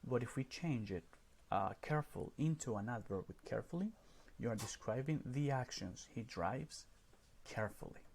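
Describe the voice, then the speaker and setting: A man's voice: mid-range voice, lively intonation, normal speed, creaky, darkish tone, slight background noise. A man teaching a recorded grammar lesson over slides, explaining step by step and often checking in with "right?".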